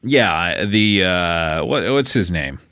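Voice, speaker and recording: A man's voice: deep voice, animated, takes it slowly, pushed and bright, clear, resonant tone, no room sound, studio quality. A man co-hosting a podcast, chatting in casual comedic banter, playful and teasing, laughing often. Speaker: podcast co-host.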